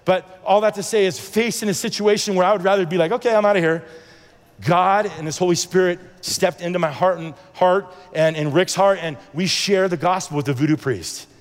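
A man's voice: sits high, steady tone, brisk, hardly any pauses, big-room sound. A man telling a personal faith testimony as a sermon, earnest and rambling, with many restarts and acted-out dialogue. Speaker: preacher sharing a testimony.

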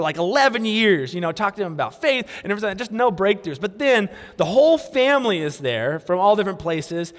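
A pastor in his thirties with a rather high voice tells his story earnestly in a sermon. His words ring out with a long reverb through the church hall, and he sinks to a hushed tone for prayer. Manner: earnest storytelling, drops to a soft hush for prayer. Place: church sanctuary.

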